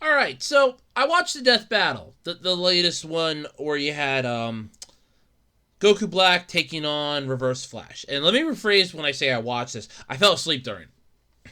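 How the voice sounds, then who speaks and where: A podcast host rambling through a casual solo rant, swearing and laughing often, exasperated and rising to shouts when worked up. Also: medium pitch.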